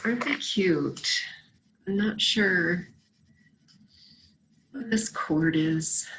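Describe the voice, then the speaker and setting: A woman reading a children's storybook aloud, in an animated and expressive way. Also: fairly low pitch, gravelly, a little hiss or hum, low-quality recording. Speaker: storybook reader.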